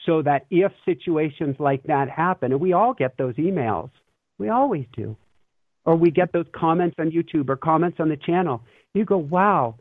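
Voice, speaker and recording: Interviewed as a spiritual teacher, this man tells animated stories with earnestness and energy, breaking into laughter now and then. His voice is on the high side at a moderate pace, heard over a dry, tinny phone-like line without echo.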